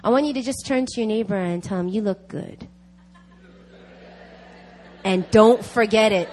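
A woman's voice: mid-range voice, normal speed, long pauses, darkish tone, some chatter behind, a little hiss or hum. A woman giving an emphatic sermon at a prayer meeting, repeating key phrases to drive them home. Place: church meeting.

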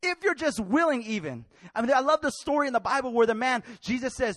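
A male preacher with a notably high voice delivers his sermon in an animated, colloquial style, slipping into casual slang as he drives his points home. The sound is close and dry, with no room around it. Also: fast, no echo. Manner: animated, colloquial, acts out Bible characters in street slang.

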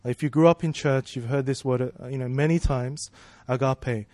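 A man's voice: medium pitch, steady tone, moderate pace, a little mellow, no echo. A man preaching a sermon in a casual, conversational way, asking rhetorical questions and checking in with "right?" and "you know".

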